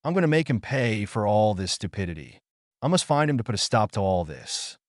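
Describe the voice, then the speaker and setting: A man's voice: fairly low pitch, sing-song, brisk, no echo. Man doing protective, hot-tempered young ninja; storybook reading, dry close sound. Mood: angry.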